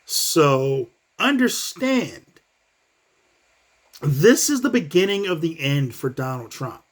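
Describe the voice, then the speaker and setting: A man giving a casual, profane commentary rant as a vlogger, talking in fast bursts. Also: sits high. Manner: profane, animated, fast bursts, acts out quotes.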